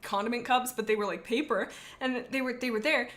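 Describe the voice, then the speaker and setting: A young adult woman streamer chatting casually, rambling through animated stories with many asides. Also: on the high side, brisk. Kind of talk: casual live-stream chat.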